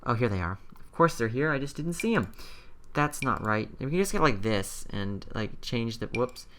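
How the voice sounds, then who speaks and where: A young man with a bright, clear tone talks his way through a building session in a casual, meandering way. He thinks out loud, hesitates often and fills the gaps with ums and likes, keeping it relaxed and unscripted. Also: medium pitch, moderate pace. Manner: rambling, thinking aloud with many fillers. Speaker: video host building in a game. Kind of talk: casual gameplay commentary.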